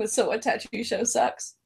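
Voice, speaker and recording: A woman's voice: a little high, creaky, husky. A middle-aged woman co-hosting a casual chat about reality TV, telling stories with lots of laughter. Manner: giggly, animated storytelling. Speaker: co-host.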